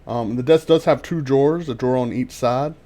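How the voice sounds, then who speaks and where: Over an online voice call, a man with a mellow, mid-range voice narrates as game master. He talks in halting bursts full of ums and restarts.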